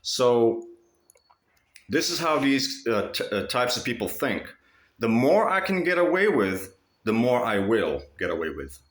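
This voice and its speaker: A man's voice: mid-range voice, big pitch swings, unhurried, echoey room. A man telling a story in a casual, profane vlog monologue, mimicking other people mockingly. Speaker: vlogger.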